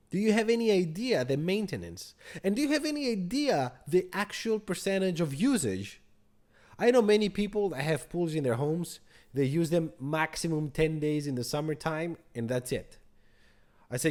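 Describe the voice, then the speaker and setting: A man who moved from abroad, hosting a credit card channel and telling a story to the camera in an animated, exasperated way. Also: on the high side, moderate pace.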